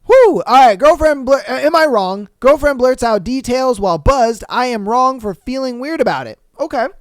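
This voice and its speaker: A man hosting a podcast, reading posts aloud and reacting bluntly in slangy talk with loud exclamations. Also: extremely high pitch, expressive, normal speed, no room sound, clean studio sound. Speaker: podcast host.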